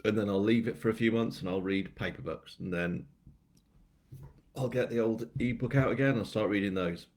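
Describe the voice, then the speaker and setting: A man's voice: fairly low pitch, normal speed, darkish tone. A British man, a crime novelist, chatting casually and rambling on a live book launch, with many fillers and a self-mocking tone. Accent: British English. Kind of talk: casual live-stream chat.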